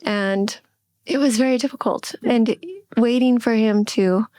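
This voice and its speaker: A middle-aged woman co-hosting a podcast, speaking candidly and reflectively, often pausing and restarting her sentences. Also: on the high side, dark tone, no room sound. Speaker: podcast co-host.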